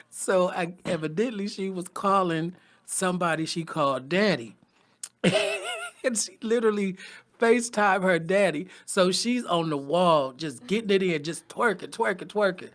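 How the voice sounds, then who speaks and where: Young man, podcast co-host, laughs a lot, animated storyteller, casual comedic chat. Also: sits high, normal speed.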